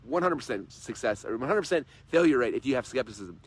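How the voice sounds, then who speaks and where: Fast-talking, husky motivational man. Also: medium pitch. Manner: energetic, repetitive, persuasive. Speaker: host and coach. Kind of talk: motivational livestream talk. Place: in-laws' home.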